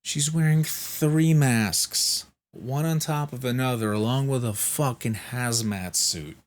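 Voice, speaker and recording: A man's voice: mid-range voice, slow pace. A sleep-deprived man vlogging, telling a rambling story in casual chat, swearing freely and restarting his sentences.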